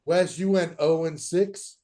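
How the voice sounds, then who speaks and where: A man's voice: a little high, steady tone, dark tone. Joking podcast host, man. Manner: joking, brisk, runs the segment. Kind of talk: casual chat.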